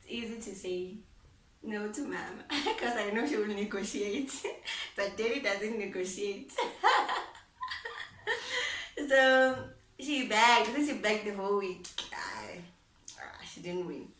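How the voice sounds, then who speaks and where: A woman's voice: medium pitch, unhurried, long pauses, fairly bright tone. A young woman vlogger telling a personal story in a heartfelt way, repeating phrases and laughing often. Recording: roomy sound, mic at a distance.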